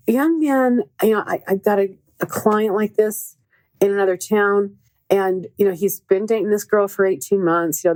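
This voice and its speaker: Speaking in a medium-pitched, slightly mellow voice, this middle-aged podcast host and relationship coach delivers a relaxed storytelling monologue. She is earnest and leans on repeated words for emphasis, and the recording is dry.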